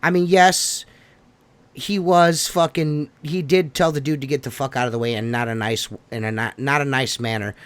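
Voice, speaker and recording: A man's voice: mid-range voice, steady tone, moderate pace, smooth, no echo. A man in casual, profane conversation, talking about a past fight. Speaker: podcast co-host. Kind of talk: casual chat.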